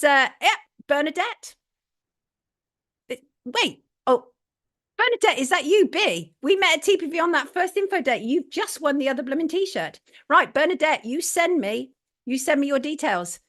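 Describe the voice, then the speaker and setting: Blunt, high-pitched English woman host. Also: sharp tone. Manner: opinionated and blunt, with emphatic repetition. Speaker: host of a live online talk show. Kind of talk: solo live-stream talk, reading viewer messages.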